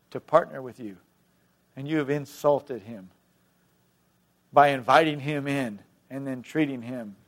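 A man preaching a sermon, emphatic, swinging between loud, rousing lines and hushed, quiet ones. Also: mid-range voice. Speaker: pastor.

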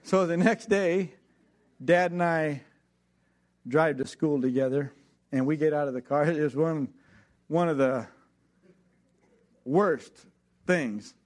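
A man's voice: on the high side, slow pace, long pauses. A man telling a personal story, acting out the people in it and laughing as he goes. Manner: animated storyteller, acts out voices, laughs along. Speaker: preacher.

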